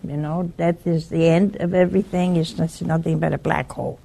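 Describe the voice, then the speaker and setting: A woman speaks in a low, husky voice, slow and unhurried. Her tone is mellow and earnest, and she tells her story plainly with a quiet urgency. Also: level tone. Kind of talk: earnest spoken warning and storytelling.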